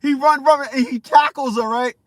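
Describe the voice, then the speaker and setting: A man's voice: extremely high pitch, steady tone, moderate pace, no room sound. A man ranting profanely in a rambling, repetitive commentary vlog. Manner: profane, rambling, repeats himself. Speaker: vlogger.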